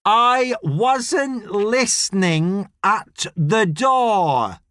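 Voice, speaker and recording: A man putting on a loud, slow-shouting old nan. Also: high-pitched, huge pitch swings, no room sound, voice pushed up, full character voice. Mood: indignant. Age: older. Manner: shouts slowly and deliberately. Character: loud blunt elderly British nan. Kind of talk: audiobook character voice. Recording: dry studio sound.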